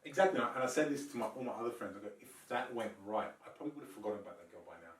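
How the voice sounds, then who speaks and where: A podcast co-host with a medium-pitched voice talks very fast, telling an animated story on a casual show with lots of swearing and acting out each person's lines. The recording sounds roomy, with the mic a bit distant.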